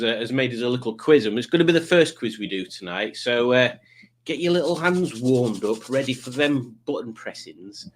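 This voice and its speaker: A man's voice: medium pitch, lively intonation, normal speed. Rambling man hosting a quiz stream. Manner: rambling, self-mocking, jokey. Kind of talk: casual live-stream chat.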